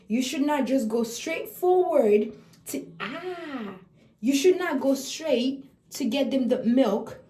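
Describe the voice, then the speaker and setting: A woman's voice: medium pitch, mellow. Chatty woman in an echoey room. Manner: chatty, acts out parent and child exchanges, laughs often. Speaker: early intervention educator. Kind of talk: casual explanatory talk.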